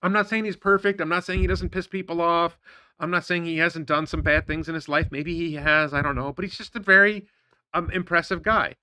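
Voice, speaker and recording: Bright-voiced man ranting on a livestream. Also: fairly high pitch, a little fast, dry recording. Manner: animated, indignant, rhetorical questions. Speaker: stock market show host. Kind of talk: livestream commentary.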